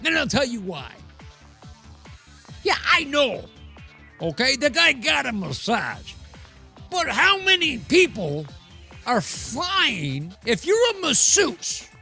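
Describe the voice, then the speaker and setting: A man hosting a live football talk show, slow and theatrical, his fairly high voice swooping widely from dramatic lows to excited peaks. He rambles and teases his listeners with long asides. Soft music plays underneath. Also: gravelly. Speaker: sports show host.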